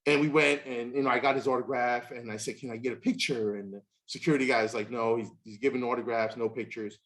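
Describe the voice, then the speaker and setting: A man in his fifties hosts a casual chat and tells a long anecdote. His voice is mid-pitched. He jumps into high, excited voices whenever he quotes someone. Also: fast talker. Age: 50s. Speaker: podcast host.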